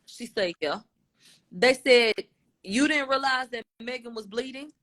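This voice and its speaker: A woman's voice: on the high side, measured pace, a bit bright. A woman giving a casual, blunt recap of courtroom testimony, voicing both the questions and the answers in turn. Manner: informal, blunt, with slang. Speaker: commentator.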